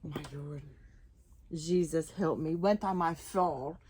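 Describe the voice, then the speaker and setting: Give me a young woman with a lowish voice sharing a funny personal story, stopping and restarting often. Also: breathy edge. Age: young adult. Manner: animated, laughing often, halting restarts. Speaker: guest sharing her testimony.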